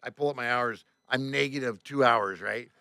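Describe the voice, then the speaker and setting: A man, a tour bus driver, telling a story on a podcast in casual chat, repeating words, swearing and getting loud when quoting people. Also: mid-range voice, moderate pace, creaky, smooth, no echo.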